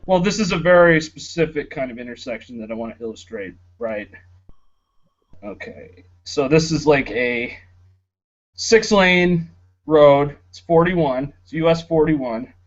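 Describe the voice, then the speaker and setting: A man's voice: a little high, lively intonation, moderate pace. A young man co-hosting a podcast in a casual chat, rambling and sarcastic, with lots of fillers. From Florida, United States. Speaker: podcast co-host. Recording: dull lo-fi home recording.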